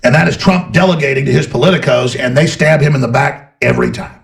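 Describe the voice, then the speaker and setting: A man's voice: medium pitch, fast talker, vocal fry. A man delivering a heated, sarcastic political rant, mocking his opponents. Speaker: political commentator. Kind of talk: ranting political monologue.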